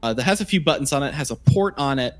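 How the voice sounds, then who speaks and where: A man's voice: medium pitch, expressive. A man narrating a tabletop game as game master, casual with many fillers. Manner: casual, filler-heavy, halting.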